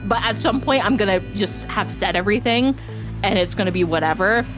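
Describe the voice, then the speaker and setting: A woman's voice: medium pitch, a little fast. A woman streamer ranting in exasperation about a game, swearing a lot in casual stream chat. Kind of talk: live-stream gameplay chat. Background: game music.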